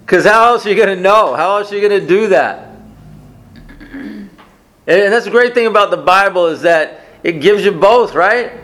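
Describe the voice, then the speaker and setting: A man's voice: high voice, normal speed, pauses often, fairly bright tone. A man preaching a conversational sermon, often asking the congregation questions. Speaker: pastor.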